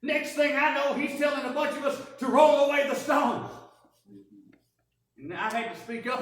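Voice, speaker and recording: A woman preaching a first-person dramatic sermon, telling the story in an animated, wry way. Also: high-pitched, moderate pace. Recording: echoey church from a distance.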